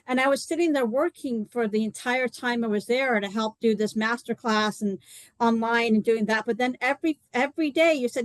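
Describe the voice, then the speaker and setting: A woman's voice: fairly high pitch, moderate pace, no echo, rough recording. Chatty woman with a dry close sound. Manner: chatty and rambling, many "like" and "you know" fillers. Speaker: co-host presenting a detox program. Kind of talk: live online talk, personal story.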